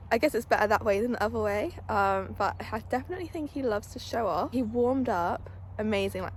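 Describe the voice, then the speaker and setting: With a voice on the high side, a young equestrian vlogger talks casually about her horse and lovingly baby-talks to him, with slight background noise.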